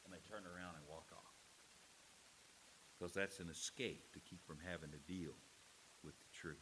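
A man preaching a sermon in an animated way, acting out quotes with voices. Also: low-pitched, normal speed, background noise. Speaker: pastor.

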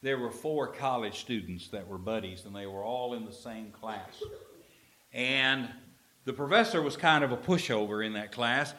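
A man preaching a sermon in a church, mid-range voice. He tells a story with lively swings, dropping to near-murmured asides, then pressing key lines out loud and slow. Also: mid-range voice. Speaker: pastor.

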